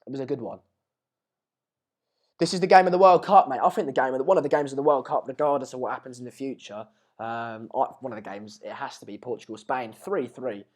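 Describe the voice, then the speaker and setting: A young man, hosting a casual live match watch-along, reading out viewer comments in a chatty, rambling way and sounding slightly hoarse. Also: mid-range voice, quick pace. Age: late teens. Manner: chatty, rambling, restarts mid-sentence, calls viewers mate and pal. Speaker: live stream host.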